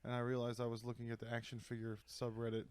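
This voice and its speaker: A man co-hosting a comedy podcast, riffing and tossing in quick impressions in casual chat. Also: medium pitch, monotone, crowd noise. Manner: joking, riffs with quick impressions. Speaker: podcast co-host.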